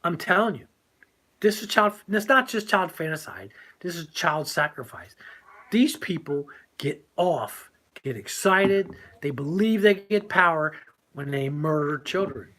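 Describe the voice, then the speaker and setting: A man's voice: a little high, animated, normal speed, sharp tone, slight background noise. An older man co-hosting a casual talk show, speaking in a preachy, emphatic way and laughing often. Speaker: co-host.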